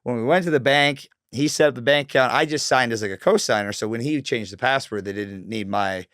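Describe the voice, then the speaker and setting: A man's voice: mid-range voice, fairly quick, a bit bright, no echo, clean studio sound. A man from Northern Canada, telling a story as a podcast guest in a laid-back, heavily cursing way. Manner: laid-back, heavy swearing, fillers like "like". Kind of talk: casual storytelling.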